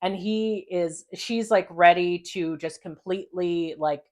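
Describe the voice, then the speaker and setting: Animated, foul-mouthed woman podcast host. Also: fairly low pitch, unhurried. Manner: animated, swears freely, acts out quoted lines. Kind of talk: casual episode recap chat.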